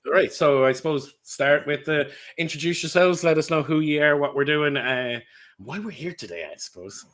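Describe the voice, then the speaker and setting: A man's voice: a little high, normal speed, a bit bright. A man hosting a podcast in a playful, joking and loose way. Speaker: podcast host.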